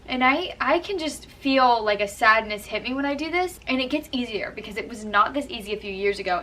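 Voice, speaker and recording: A woman's voice: a little high, pushed and bright, far from the mic, a little hiss or hum, poor audio. A young woman vlogger explaining acting tips in a chatty, earnest way, full of "like" and "kind of". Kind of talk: casual how-to talk to camera.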